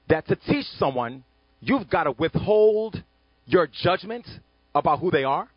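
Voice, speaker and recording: A man speaking as an author on an education panel, animated and emphatic, often checking in with "right?". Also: high voice, breathy edge, no room sound, highs cut off. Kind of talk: panel discussion talk.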